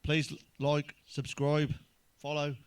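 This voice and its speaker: A man's voice: fairly high pitch, completely flat delivery, slow pace, smooth. A middle-aged man telling blunt, sweary jokes in a rambling comic monologue, chuckling at his own punchlines. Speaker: stand-up comedian. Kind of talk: crude joke-telling monologue.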